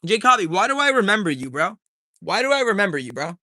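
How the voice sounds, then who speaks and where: A man's voice: high-pitched, sing-song, fast talker, sharp tone, no echo, studio quality. A man hosting a live stream in a casual, slangy way, reading out viewer comments and thanking people one by one.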